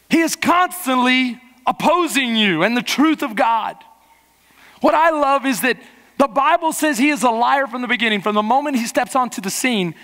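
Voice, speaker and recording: A man preaching a sermon as pastor, fervent, rushing through some lines and slowing hard on others. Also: extremely high pitch, fairly bright tone. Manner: fervent preaching, swinging from quick bursts to slow emphasis. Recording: long hall reverb.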